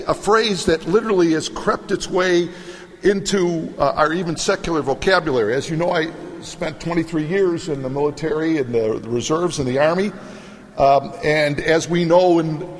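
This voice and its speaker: A middle-aged man preaching a sermon, telling stories in an animated way and acting out the voices in them. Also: fairly high pitch, long reverb tail. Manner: animated storytelling, acts out scripture voices. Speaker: pastor.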